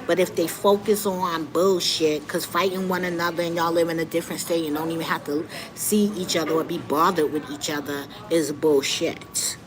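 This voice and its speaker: A middle-aged woman hosting a live stream, giving candid, animated commentary straight to her viewers. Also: sits low, moderate pace, hardly any pauses, a crowd in the background, rough recording. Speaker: livestream host. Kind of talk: casual commentary monologue. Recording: noticeable background noise.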